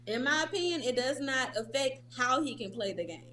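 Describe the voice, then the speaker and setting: A woman's voice: sits high, lively intonation, brisk, bright, forceful tone. A woman co-hosting a sports talk show, firmly disagreeing and pressing her point. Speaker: co-host. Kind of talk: casual sports debate.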